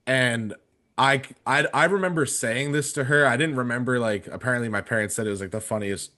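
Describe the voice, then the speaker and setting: A man's voice: mid-range voice, fairly quick, bright, forceful tone. A man in his twenties casually telling a story on a podcast, rambling with many fillers and restarts. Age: 20s. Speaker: podcast panelist.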